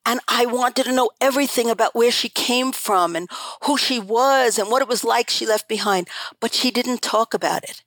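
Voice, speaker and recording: A woman's voice: a little high, normal speed, a bit bright, no echo, rough recording. An older woman, a guest on an interview show, telling her family story in an earnest, emphatic way that repeats phrases for stress. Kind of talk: conversational storytelling.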